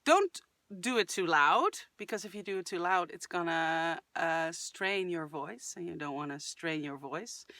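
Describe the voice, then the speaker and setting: A fairly low-pitched woman hosts a singing channel, captured on a dry recording. She chats enthusiastically while reacting and giving vocal tips, sometimes demonstrating with abrupt shouted cries and bits of singing.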